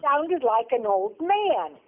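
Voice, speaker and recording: A woman's voice: high-pitched, very animated, takes it slowly. An older woman, a grandmother co-hosting a podcast, chatting casually with short exclaiming reactions. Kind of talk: casual chat. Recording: tinny phone-like sound.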